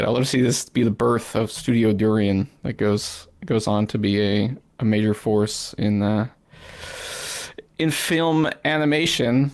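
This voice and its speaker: A man hosting a podcast, chatting casually in a rambling way, laughing often and swearing freely. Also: lowish voice. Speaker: podcast host. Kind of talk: casual chat.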